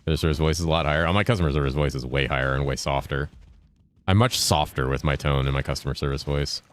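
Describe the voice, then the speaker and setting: On a casual gaming livestream, a laid-back man with a very deep voice reads and responds to chat as he plays, swearing as he goes. His speech is deliberately enunciated with a lifted inflection, and there's a little hiss or hum.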